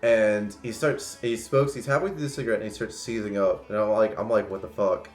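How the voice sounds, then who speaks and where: A man's voice: fairly low pitch, steady tone, a little fast, roomy sound, soft background music. A man in his twenties telling rambling stories on a casual livestream, full of fillers and restarts. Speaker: streamer.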